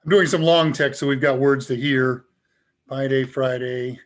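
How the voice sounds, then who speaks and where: A man hosting a live tech Q&A, talking casually and chuckling as he demonstrates software. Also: mid-range voice, steady tone, moderate pace. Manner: casual and upbeat, chuckles often. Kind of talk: live demo talk.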